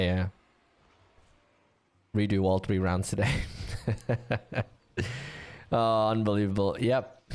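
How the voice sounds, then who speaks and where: A man's voice: fairly low pitch, darkish tone. A man casting a live online game match, chatty and joking with his co-caster and the audience. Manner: chatty, joking, easily amused. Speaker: esports caster.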